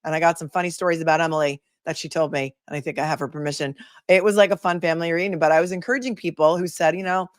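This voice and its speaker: Chatty woman host with a low voice. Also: fairly even intonation, very fast, dry recording, studio quality. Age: older than her peers, calls herself the old lady of the group. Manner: chatty and rambling, with many fillers and restarts. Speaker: attorney and livestream host. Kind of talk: casual livestream chat, reading viewer comments.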